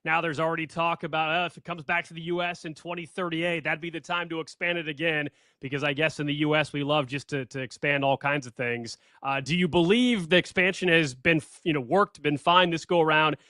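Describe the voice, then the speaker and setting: A man co-hosting a sports radio show, posing quick questions in a casual way. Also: on the high side, steady tone, sharp tone, dry recording.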